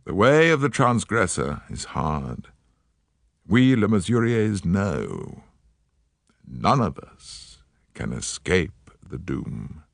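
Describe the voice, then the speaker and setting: A man voicing a gloomy, fatalistic aging English gentleman in an audiobook, speaking slowly, heavily and with resignation. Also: sits low, sing-song, gravelly, dry recording, studio quality, heavily acted. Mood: doom-laden. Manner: slow, heavy and resigned.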